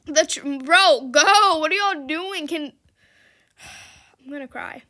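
A young woman chats through a game, swinging between laughter and loud frustration. Her voice sits high and bright, and she takes her time between words. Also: slow. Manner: frustrated, exclamatory, laughing often. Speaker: gamer. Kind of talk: casual gameplay commentary.

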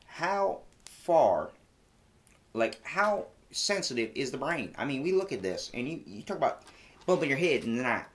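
A male comedy podcast host who reads from his notes with emphatic, theatrical delivery. His voice sits at a middling pitch. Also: sing-song, normal speed.

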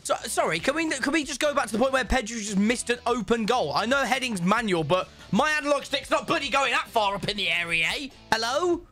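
Young male gaming host, bright and expressive, chatty banter over a match. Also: very high-pitched, fairly quick, hardly any pauses, faint music behind. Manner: laughing, banter-heavy. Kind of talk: casual gameplay commentary.

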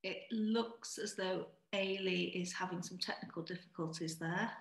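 Brisk woman host, echoey room. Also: lowish voice. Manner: practical, brisk organizing talk. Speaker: event host. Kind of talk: hosting announcements.

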